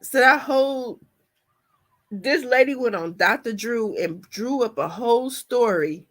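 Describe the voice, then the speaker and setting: A woman, talking emotionally as a commentary vlogger, trailing off and restarting as her voice swings between quiet and loud. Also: on the high side, expressive, a little slow.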